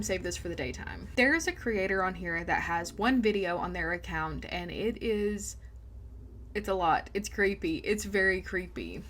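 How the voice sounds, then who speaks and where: A woman hosting, calmly introducing an unsettling video in a casual way. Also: lowish voice. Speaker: host introducing clips. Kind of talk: casual narration to camera.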